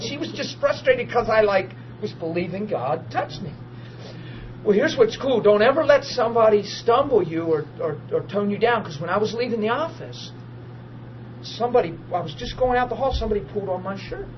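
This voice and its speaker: A man preaching a testimony as a story, excitable, bursting into laughter and shouts. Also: high voice, fairly quick. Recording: muffled recording with steady hum.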